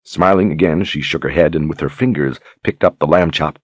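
A man narrating a fantasy novel in a steady, measured storytelling manner with a husky voice. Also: very deep voice, dry recording. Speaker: audiobook narrator.

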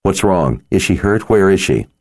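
A man's voice: deep voice, lively intonation, normal speed, a little mellow. A man voicing an intense young male woodsman hero who speaks urgently and demandingly.

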